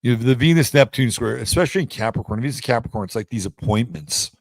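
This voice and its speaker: Hosting a casual astrology forecast, this man talks fast and expressively in a gravelly voice, captured at studio quality with no room sound. He's blunt and chatty, and every so often he slips into playful acted-out voices with big swings in pitch.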